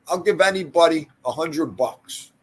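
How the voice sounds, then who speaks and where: Older guy rambling on his livestream, husky voice, talks to chat by name. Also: fairly high pitch, moderate pace, fairly bright tone. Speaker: livestream host. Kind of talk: casual livestream chat reading viewer comments.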